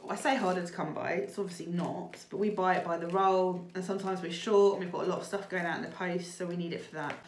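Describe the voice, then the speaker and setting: Woman, husky voice, casual chatty demo, echoey room, faint hiss. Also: lowish voice. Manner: chatty, fillers like um and like. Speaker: reseller vlogger. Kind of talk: casual chat and demonstration.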